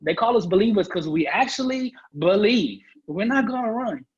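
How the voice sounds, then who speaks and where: A man with a husky, breathy voice sitting slightly high for a man tells his own story on a podcast, earnest and emphatic. The sound is a little muffled and lo-fi. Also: expressive, moderate pace. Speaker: guest speaker. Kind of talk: personal story in a podcast interview.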